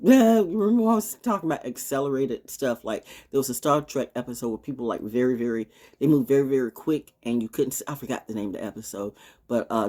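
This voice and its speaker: A woman's voice: rumbling low, dark tone. A middle-aged woman hosting a talk show, rambling in a casual monologue, laughing often.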